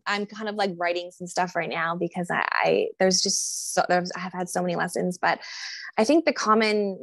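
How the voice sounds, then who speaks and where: A body acceptance coach appears as a guest on a relaxed podcast, musing aloud in a lowish, gravelly voice. She rambles and reflects, relying on fillers, and the sound is dry and close with no room sound.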